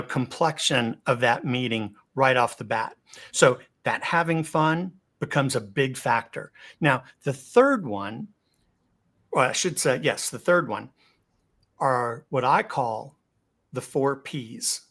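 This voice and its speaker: A man giving an instructional webinar talk over a video call. He varies his pace, pitch and loudness for emphasis and often repeats a word as he starts a thought. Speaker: webinar guest speaker.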